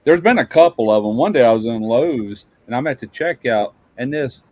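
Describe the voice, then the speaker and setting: A man's voice: medium pitch, lively intonation, normal speed, darkish tone, highs cut off. An older man, a barbecue YouTuber, telling easygoing stories in a casual chat. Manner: easygoing anecdotal storyteller.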